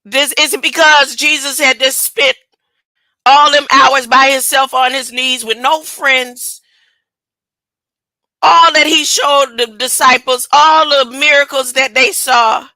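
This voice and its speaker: A woman preaches an informal sermon in an emphatic, colloquial way, firing off rhetorical questions. Her voice is high and bright. The sound is dry and close. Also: steady tone, takes it slowly, dry recording, poor audio.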